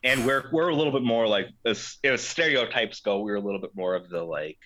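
A man's voice: lowish voice, brisk, pushed and bright, dull audio. A man from Alabama co-hosting a podcast, chatting loosely and swearing often. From Alabama, USA. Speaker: podcast co-host. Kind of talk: casual chat.

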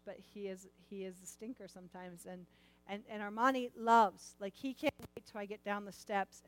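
A middle-aged woman telling a personal story in a sermon, animated and repeating words as she acts out lines. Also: mid-range voice, low-quality recording.

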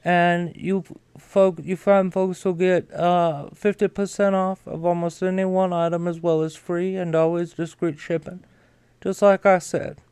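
A man's voice: high voice, flat delivery, unhurried, a little mellow, clear, resonant tone, dry recording. A man doing an impression of an older Southern male ex-president, with a put-on Southern US accent and a folksy, drawling manner. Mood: pitchman.

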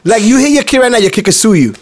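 High-voiced young man telling stories. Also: big pitch swings, very fast, a little mellow. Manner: profane, storytelling, laid-back. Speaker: podcast co-host. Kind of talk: casual storytelling chat.

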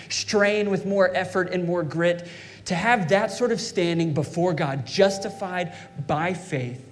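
A man's voice: high-pitched, a little hiss or hum. A man preaching a fervent sermon as pastor, calling out to his congregation. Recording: long hall reverb.

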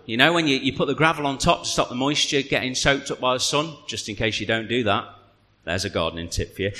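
Animated pastor in an echoey hall. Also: male voice, mid-range voice. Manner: chatty, humorous, animated storytelling. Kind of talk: sermon with personal storytelling. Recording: reverberant hall.

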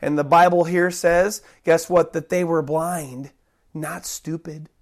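A preacher giving a sermon, talking conversationally and acting out loud, desperate cries for help. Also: medium pitch, steady tone, slow pace. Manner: dramatic, acts out the cries of those he preaches about; conversational, rambling restarts.

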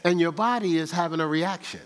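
A man preaching a sermon, firing rhetorical questions at the congregation and reading scripture aloud. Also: on the high side. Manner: animated preaching with rhetorical questions and call-and-response; reads scripture aloud in a slow cadence. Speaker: pastor.

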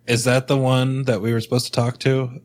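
A man's voice: mid-range voice, flat delivery, brisk. A young man co-hosting a podcast, talking bluntly in crude, casual banter and trash-talking freely. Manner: blunt, swears, trash-talks. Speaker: podcast co-host.

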